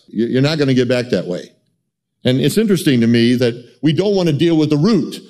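Impassioned male preacher pleading. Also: darkish tone. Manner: impassioned, voicing God's pleas in a higher, pleading tone; stammers on restarts. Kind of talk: sermon.

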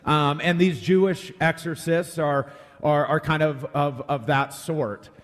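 A man's voice: on the high side, fairly even intonation, a little slow. Folksy, conversational male preacher. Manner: conversational, repeats words, folksy humor. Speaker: pastor. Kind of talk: sermon.

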